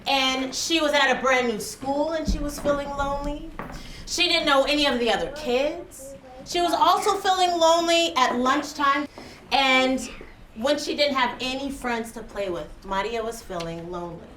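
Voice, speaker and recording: Lively high-voiced teacher in echoey classroom. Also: female voice. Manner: animated, drawn-out teacher prompts. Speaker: first grade teacher. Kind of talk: classroom vocabulary lesson. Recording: echoey classroom with background noise.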